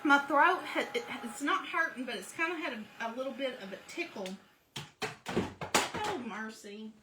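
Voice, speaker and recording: A woman's voice: sits high, lively intonation, moderate pace, distant mic, background noise. A woman chatting casually and poking fun at herself as she walks through a craft project step by step. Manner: chatty, self-deprecating, explains each step as she works. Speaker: craft vlogger. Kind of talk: casual how-to chat while crafting. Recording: echoey room, voice a bit off-mic.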